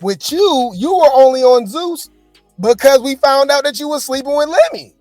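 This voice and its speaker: A man with a notably high voice hosting gossip commentary, chatty and rambling and full of fillers. The sound is close and dry with faint music underneath. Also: lively intonation, moderate pace, a little mellow, no echo. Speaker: commentary host.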